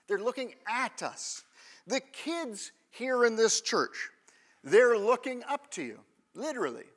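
High-voiced, slow-talking man preaching. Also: a bit bright. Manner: conversational, checks in with the congregation often. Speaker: pastor. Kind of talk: sermon.

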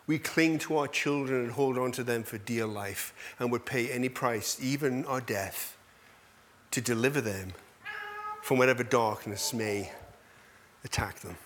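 A male pastor preaching a sermon in an animated, self-deprecating way, full of rhetorical questions. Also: medium pitch, a little slow, slight background noise.

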